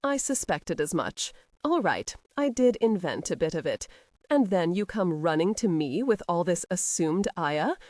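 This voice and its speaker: A woman's voice: lowish voice, sing-song, a little slow, a little mellow, no echo. A woman voicing a mocking, drawling aristocratic husband in an audiobook romance.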